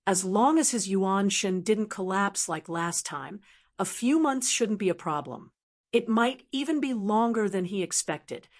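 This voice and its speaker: A woman narrating a translated fantasy novel as an audiobook in an even, steady storytelling manner. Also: medium pitch. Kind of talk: scripted narration.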